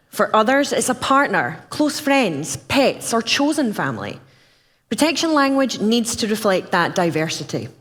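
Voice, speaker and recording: A woman with a Scottish accent giving a candid, personal conference talk. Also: mid-range voice. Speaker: conference speaker. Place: conference hall. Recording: reverberant hall.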